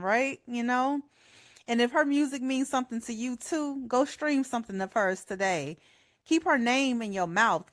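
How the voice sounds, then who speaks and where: A woman's voice: a little high, no room sound, studio quality. Heartfelt woman hosting radio. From Chicago. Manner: heartfelt, chatty, says "y'all" a lot. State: voice cracking with emotion. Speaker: radio show host. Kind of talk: personal tribute monologue.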